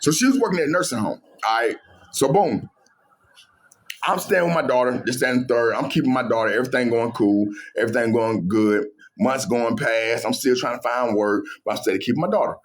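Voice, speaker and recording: A man's voice: medium pitch, fairly quick. A man casually retelling a personal story, acting out each side of the conversations. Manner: animated retelling, acts out both sides of arguments.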